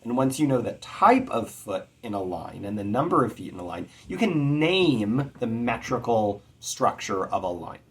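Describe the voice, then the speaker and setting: A man teaching poetic meter in a measured explanatory lecture, chanting rhythms to demonstrate them. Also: mid-range voice, sing-song, a bit bright. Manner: measured, with occasional fillers. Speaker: poetry teacher.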